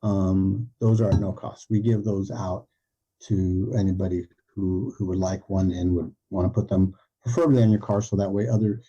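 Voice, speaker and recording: Deep husky man, halting guest talk. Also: steady tone, mellow, dull audio. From Southern California. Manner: hesitant, halting, lots of uh and um. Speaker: guest, head of a support nonprofit. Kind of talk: casual interview chat.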